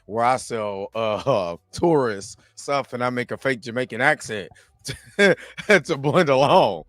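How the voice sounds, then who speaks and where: A man's voice: medium pitch, animated, takes it slowly, fairly bright tone, dry recording. An American man co-hosting a casual podcast, joking and laughing a lot as he banters. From United States. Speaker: podcast co-host.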